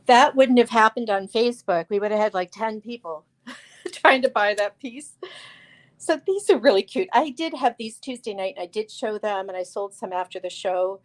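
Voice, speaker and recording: A woman with a mid-range voice and a moderate pace hosts a live crystal sale. Chatty and prone to fillers and restarts, she addresses viewers by name while displaying the stones.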